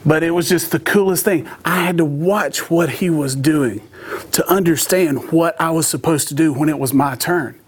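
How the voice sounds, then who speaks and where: High-voiced folksy preacher. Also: male voice, moderate pace, breathy edge. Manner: humorous, folksy, animated. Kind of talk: storytelling sermon.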